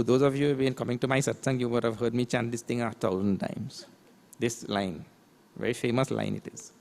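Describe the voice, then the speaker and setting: A man's voice: medium pitch, steady tone, vocal fry, a little mellow. A man, a swami, giving a spiritual lecture, explaining scripture terms and asking rhetorical questions. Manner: recites verses in a slow chant. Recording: long hall reverb.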